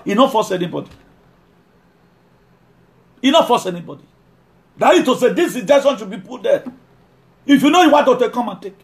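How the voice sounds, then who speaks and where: A man preaching a sermon, emphatic, repeating key lines and slowing down to read scripture. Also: high voice, expressive.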